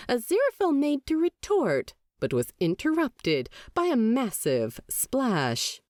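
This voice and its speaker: A woman narrating a fan fiction audiobook with expressive storytelling. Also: on the low side, no echo, clean studio sound. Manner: expressive storytelling, lively inflection.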